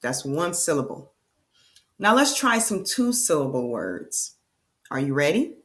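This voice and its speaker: Slow, lively woman teaching children. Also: deep voice, noisy background. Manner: slow, enthusiastic, sing-song prompts to young learners. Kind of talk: children's reading lesson.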